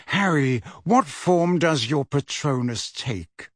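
Weary, kindly wizard, quiet and measured, as a male narrator reads him, husky tone. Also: a little high, animated, no room sound, studio quality. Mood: gentle. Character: tired, kindly young wizard, calm and gentle.

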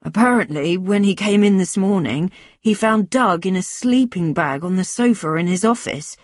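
A woman reader voicing a gentle adult man who speaks in a soft, reassuring way, close to her own voice. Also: medium pitch, moderate pace, no echo, close to an everyday voice. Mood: concerned.

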